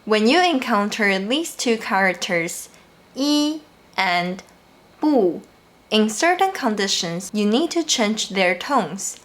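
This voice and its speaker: A woman teaching a language lesson, explaining each rule carefully and repeating example words slowly. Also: medium pitch, very animated, a bit bright. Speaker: Mandarin teacher. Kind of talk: slow, clear language lesson narration.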